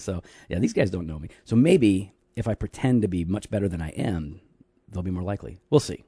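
A man co-hosting a casual theology podcast, dry and teasing, slowing down when he explains doctrine. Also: deep voice, expressive, warm tone, slightly rough, no room sound. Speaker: podcast co-host.

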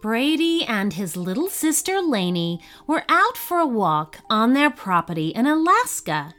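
A woman narrates a children's story with gentle, expressive storytelling. Her voice is fairly high and moves a lot, and she reads at a slow, careful pace. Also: faint music behind. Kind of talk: storybook reading.

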